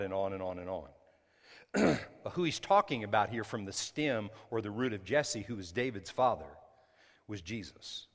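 A male pastor preaching a sermon during a church service. He talks conversationally, breaks into sudden loud bursts, and adds apologetic asides. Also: on the low side, expressive, a little slow, long reverb tail.

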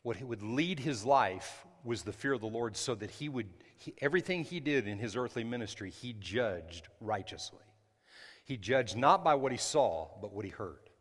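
A male pastor preaching a sermon during a church service. He talks conversationally, breaks into sudden loud bursts, and adds apologetic asides. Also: medium pitch, lively intonation, normal speed, husky, in a large hall.

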